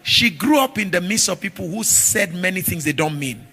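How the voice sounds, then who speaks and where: Pastor, high voice, bright, animated sermon storytelling. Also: male voice, moderate pace, breathy edge, soft background music. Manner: animated storytelling, shifting from shouts to murmurs.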